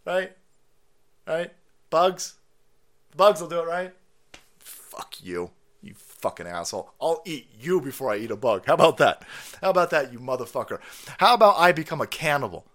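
A man hosting a livestream, ranting loudly with sarcasm, constant cursing and frequent laughter. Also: a little high, animated, a little fast, pauses often. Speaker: livestream host. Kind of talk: profane ranting commentary.

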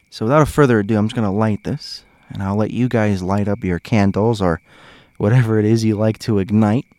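A man's voice: on the low side, darkish tone, no room sound. A man hosting a podcast, chatting casually and animatedly straight to his listeners with frequent chuckles. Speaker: podcast host. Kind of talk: casual storytelling chat.

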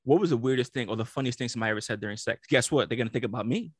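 A man's voice: medium pitch, racing, slightly rough, no room sound, clean studio sound. A man co-hosting a podcast, telling loose, profane stories in casual chat and often breaking into laughter. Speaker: podcast co-host.

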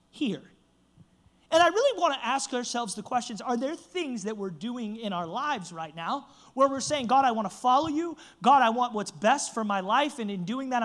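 A man's voice: very high voice, a bit bright. A young man, a church pastor, preaching a sermon and telling a self-mocking funny story.

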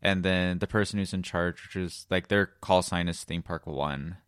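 A man's voice: low voice, normal speed, a bit bright, clear, resonant tone, no echo, studio quality. A man with a Texan accent, co-hosting a podcast and telling a rambling work story with lots of laughs. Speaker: podcast co-host. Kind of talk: casual chat.

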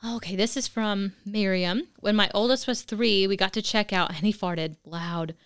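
A woman co-hosting a casual podcast, reading listener stories in a lively way and laughing along. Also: medium pitch, moderate pace, clear, resonant tone. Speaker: podcast co-host.

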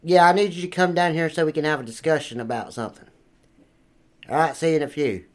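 A man's voice: on the high side, steady tone, fast. A man in crude improvised comedy banter, brash and swaggering, cursing freely and rapping with bravado. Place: studio.

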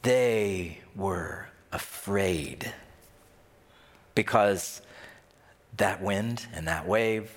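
A man preaching a sermon in an animated way, often acting out the voices of the people he quotes. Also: deep voice, drawn-out words, long pauses. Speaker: pastor. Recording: long hall reverb.

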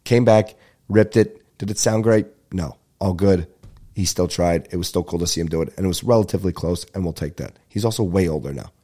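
Low, mellow-voiced profane podcast host. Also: male voice, a little fast. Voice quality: stuffed-up nasal. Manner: profane, excitable, breaks into bits of singing. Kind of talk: casual rambling monologue.

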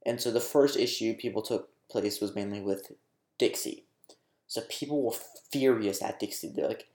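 A man's voice: on the low side, lively intonation, normal speed, darkish tone, echoey room. A young man delivering a casual commentary rant, exasperated and sarcastic, swearing freely. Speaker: commentary YouTuber.

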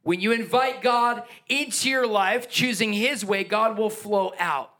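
A man preaching a sermon as pastor, energetic and emphatic, with playful asides and chuckles. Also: high voice, unhurried.

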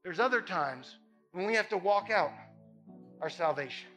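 A man's voice: high-pitched, lively intonation, normal speed, fairly bright tone, soft background music. A man preaching as a pastor, impassioned and emphatic, repeating phrases for effect. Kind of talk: sermon.

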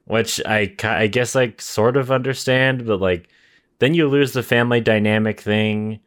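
A man's voice: on the low side, fairly even intonation, normal speed. A man co-hosting a movie review podcast, talking casually and rambling with lots of "like". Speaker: podcast co-host.

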